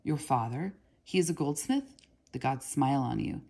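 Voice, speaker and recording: A woman voicing a cheerful, talkative apprentice boy who jokes in old sayings, in a low, gravelly, husky voice. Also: animated, moderate pace, a little mellow, heavily acted. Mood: friendly. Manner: friendly, joking, eager questions. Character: cheerful chatty boy apprentice, proverb-loving.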